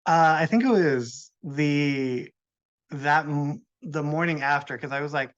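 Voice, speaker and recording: Male podcast guest, unhurried and measured, on muffled lo-fi audio. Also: on the high side. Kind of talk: casual podcast chat.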